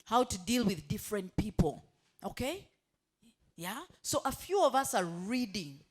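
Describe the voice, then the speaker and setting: A woman's voice: medium pitch, animated, a little slow, breathy edge. Woman quizzing a staff audience. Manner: asks the room questions and has them finish her sentences. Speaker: motivational speaker. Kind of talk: staff training talk. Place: hotel staff meeting room.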